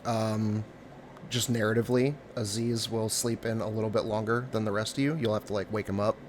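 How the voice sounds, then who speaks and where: A man at a tabletop game, chatting casually and narrating in a hesitant, halting way. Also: on the low side, flat delivery, slight background noise. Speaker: player.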